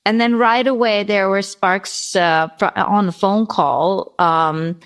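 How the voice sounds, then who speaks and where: A woman's voice: mid-range voice, steady tone, takes it slowly. A middle-aged woman, a guest vocalist, telling a long story in an interview and often correcting herself as she goes. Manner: rambling, self-correcting storyteller.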